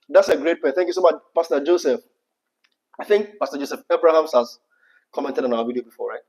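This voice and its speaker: Ghanaian man co-hosting a live chat, Pidgin mixed in, fairly high voice, lo-fi audio. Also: quick pace, darkish tone. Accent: Ghanaian English. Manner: laughs often, slips into Pidgin. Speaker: livestream co-host. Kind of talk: casual livestream chat.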